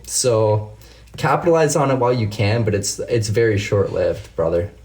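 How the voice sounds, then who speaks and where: A man with a fairly low voice hosts a casual livestream, chatting directly with his viewers. He talks to them by name and slides into heated rants full of swearing. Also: lively intonation, moderate pace, darkish tone. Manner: heated, profane ranting. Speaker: livestream host. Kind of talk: casual livestream chat answering comments.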